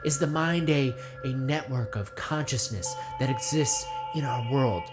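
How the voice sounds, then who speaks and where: A man's voice: mid-range voice, over music. A man delivering a rambling satirical monologue, speaking of himself in the third person and firing off rhetorical questions. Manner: acts out voices in quick asides. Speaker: comedy video essayist.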